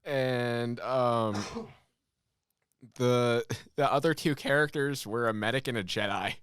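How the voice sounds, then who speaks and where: A man's voice: mid-range voice, takes it slowly, a bit bright, smooth, dry recording, clean studio sound. A man who runs tabletop games, telling stories in a casual podcast chat. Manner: storytelling with fillers and restarts. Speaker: game master.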